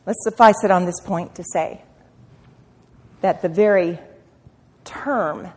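A woman preaching a sermon at a women's meeting, impassioned, swinging from quiet asides to loud cries and repeating phrases for emphasis. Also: lowish voice, slow. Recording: long hall reverb.

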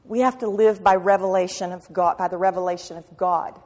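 A woman preaching a sermon with passion, firing rhetorical questions and swinging from loud to hushed. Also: on the low side, fairly even intonation, a little fast. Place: church sanctuary. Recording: reverberant hall.

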